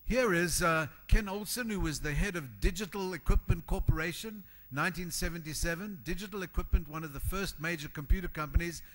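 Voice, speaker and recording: Animated, emphatic male keynote speaker. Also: on the high side, a little fast, hardly any pauses. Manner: animated and emphatic, acts out quoted voices. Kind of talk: motivational conference talk. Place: conference hall before an audience.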